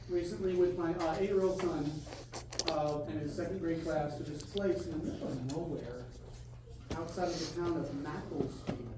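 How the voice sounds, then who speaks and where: A man directing a school band, counting off beats and singing short phrases to demonstrate each note. His voice is unhurried and comes from far across a very echoey room, with steady noise underneath. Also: a little high. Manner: counts off loudly and sings phrases to show them. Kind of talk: rehearsal coaching. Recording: very roomy, distant, noisy.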